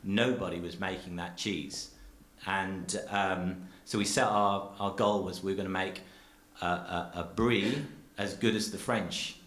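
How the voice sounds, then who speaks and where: A dairy farmer and cheesemaker giving an earnest, rambling public talk full of restarts, speaking from a theatre stage. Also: male voice, sits low, fairly even intonation, measured pace, a bit bright, reverberant.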